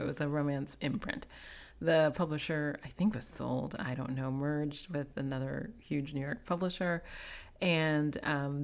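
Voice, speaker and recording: A woman hosting a podcast, chatting casually with many fillers and frequent laughs. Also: low voice. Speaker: podcast host. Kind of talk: casual interview chat.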